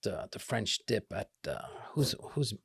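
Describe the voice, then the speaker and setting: A middle-aged man, a chef co-hosting a podcast, chatting casually with dry, deadpan teasing. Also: fairly low pitch, unhurried, gravelly, breathy edge. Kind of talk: casual chat.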